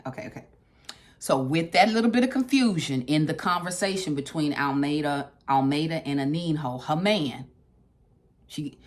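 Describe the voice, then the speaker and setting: A woman leading a casual book club discussion, talking conversationally, repeating phrases for emphasis and asking her listeners directly. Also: low voice. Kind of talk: casual book discussion with read-aloud passages.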